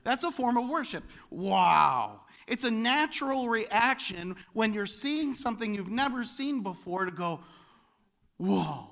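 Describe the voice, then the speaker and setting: A man preaching a sermon as pastor, animated and building to loud exclamations. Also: extremely high pitch, normal speed, hardly any pauses.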